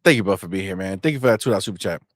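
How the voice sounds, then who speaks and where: A man's voice: low-pitched, animated, very fast, no echo, clean studio sound. A man co-hosting a gaming podcast in casual, heated banter, swearing freely and talking animatedly.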